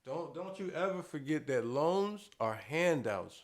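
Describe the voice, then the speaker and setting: A man with a New York accent co-hosts a casual podcast, chiming in with quick agreement. His pitch sits a little high and moves a lot, giving his short replies a lively bounce. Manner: backs the host with quick agreements. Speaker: podcast co-host. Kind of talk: casual chat.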